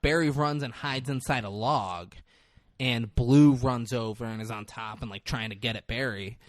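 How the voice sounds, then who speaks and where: A man's voice: mid-range voice, moderate pace, no echo, studio quality. A young man co-hosting a podcast, recapping a movie in casual chat, acting out lines with lots of swearing and laughter. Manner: animated storytelling, acts out lines, swears, laughs. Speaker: podcast co-host.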